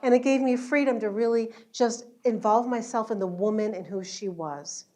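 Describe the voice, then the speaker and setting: A woman's voice: on the high side, moderate pace. A woman, an educational entertainer, chatting and telling stories to an audience at an event after her show. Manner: chatty, warm storytelling with laughs. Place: event hall at a luncheon.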